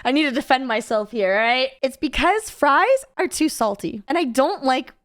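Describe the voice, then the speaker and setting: A young woman reacting to a video as a streamer, talking in an animated, rambling and self-deprecating way. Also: high voice, normal speed, no echo. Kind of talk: casual reaction commentary.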